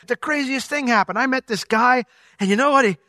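Gushing young wife in a sermon retelling, high and bright, breathless as a male pastor plays her. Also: a little fast, no echo, studio quality, in a large hall. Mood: excited. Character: excited young wife telling strange news.

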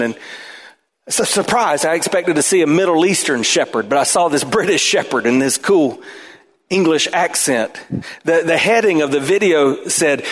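A man pastor preaching a sermon in an animated way, his voice climbing toward near shouts at times. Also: on the high side.

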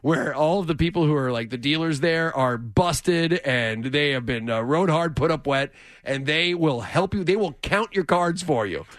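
A man co-hosts a podcast with a slightly higher voice. He tells animated, jokey stories in casual chat. The sound is close and dry. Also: normal speed, no echo. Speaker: podcast co-host.

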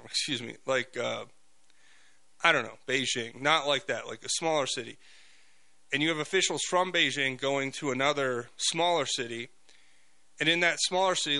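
A man hosting a talk radio show, telling stories in an animated monologue full of fillers and restarts. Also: medium pitch, low-quality recording.

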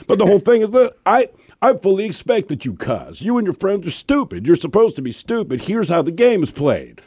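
A middle-aged man hosting a radio show, telling personal stories in a casual, animated way and laughing along. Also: high-pitched, fairly quick, slightly rough, no room sound, clean studio sound. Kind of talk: casual on-air storytelling.

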